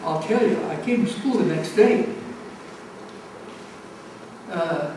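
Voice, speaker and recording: A woman's voice: fairly low pitch, animated, slow pace. An older woman telling a playful childhood story to an audience, laughing through her punchlines. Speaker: storyteller at an art show event. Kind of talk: casual anecdote told to a live audience. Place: community center gallery. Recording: echoey room from far off, faint noise.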